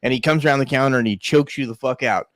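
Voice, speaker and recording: A man's voice: medium pitch, quick pace, fairly bright tone, dry recording. A man co-hosting a podcast over an online call, telling crude, rambling stories and laughing as he goes. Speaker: podcast co-host. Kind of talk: crude casual chat.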